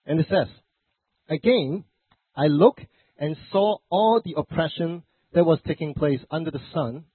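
A man's voice: a little high, unhurried, breathy edge, dry recording. A man pastor preaching a conversational sermon with a stuffy, congested voice from the flu, with joking asides and self-corrections. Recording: dry, phone-like narrow sound.

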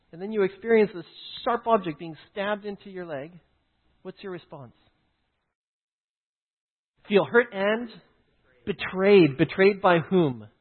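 A man teaching through a personal story, often stopping to check in with "right?" and "okay?". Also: sits high. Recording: tinny phone-like line.

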